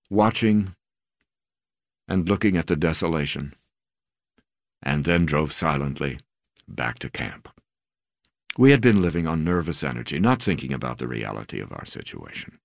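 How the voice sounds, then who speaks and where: Deep-voiced man narrating a memoir. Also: animated, measured pace, creaky, pauses often, dry recording, studio quality. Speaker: audiobook narrator.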